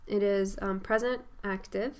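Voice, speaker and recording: A woman student working through grammar analysis aloud, hesitant and filling pauses with ums. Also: mid-range voice, fairly even intonation, clear, resonant tone.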